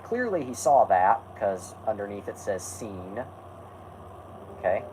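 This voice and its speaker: A man's voice: fairly low pitch, sing-song, a little slow, a little mellow, a little hiss or hum, rough recording. A man hosting a casual stream, rambling and correcting himself while answering chat. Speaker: host.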